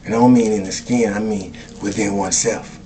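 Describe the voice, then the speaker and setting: A man's voice: fairly low pitch, steady tone, a little fast, mellow, slight background noise. Preacherly man with repetitive cadence. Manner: repetitive, preacherly, chuckles often, asks "you see?". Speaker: spiritual speaker. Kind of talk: spoken spiritual monologue.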